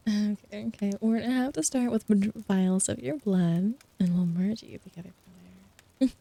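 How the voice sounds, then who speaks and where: Young woman, whispered role-play, gravelly, teasing, giggly, dry close mic. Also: medium pitch, normal speed, no echo. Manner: soft, teasing and giggly, mock-sinister. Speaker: streamer.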